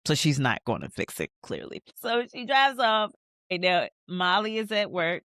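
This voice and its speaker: A woman hosting a podcast, recapping a TV episode in a chatty, animated way with slangy asides. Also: on the low side, no room sound, studio quality. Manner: narrates scenes while pausing the show. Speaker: podcast host.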